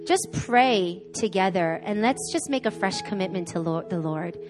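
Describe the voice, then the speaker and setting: A woman preaching a sermon at a church service in an animated way, acting out the voices she quotes. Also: medium pitch, moderate pace, over music. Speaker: guest preacher.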